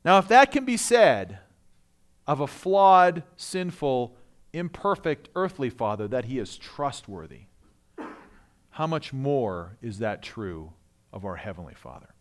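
A man's voice: mid-range voice, very animated, a little slow. A man, a pastor, preaching a sermon in a conversational way with asides.

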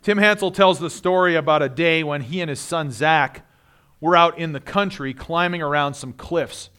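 A man's voice: a little high, moderate pace, bright, forceful tone, smooth. A man, a pastor, preaching a sermon in a conversational way with asides.

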